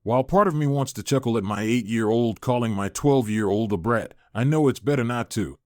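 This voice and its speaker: A man reading a first-person family story aloud as a scripted narration, in a steady, even manner. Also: mid-range voice, brisk, no room sound, clean studio sound.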